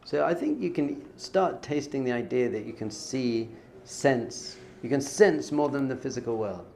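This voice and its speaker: A man's voice: medium pitch, normal speed, creaky, dark tone, a little hiss or hum. A male rabbi gives an informal spiritual lesson in a mid-range voice. He speaks conversationally and repeats phrases for emphasis. Hebrew terms come up naturally in his talk. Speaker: rabbi teaching.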